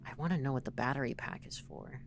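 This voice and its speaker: A woman streamer giving live commentary as she plays a game, reacting out loud, swearing and reading in-game text aloud. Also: rumbling low, fast, vocal fry, a little hiss or hum.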